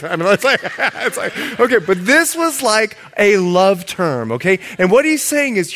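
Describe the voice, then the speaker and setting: Animated, joking male preacher. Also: high-pitched, moderate pace, few pauses. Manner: animated, jokey, acts out quotes. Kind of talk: sermon.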